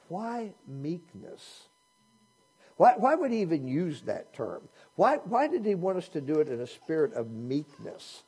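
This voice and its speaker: Husky, mellow-voiced preaching man. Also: mid-range voice, very animated, moderate pace. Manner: conversational preaching with rhetorical questions. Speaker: pastor. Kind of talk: sermon.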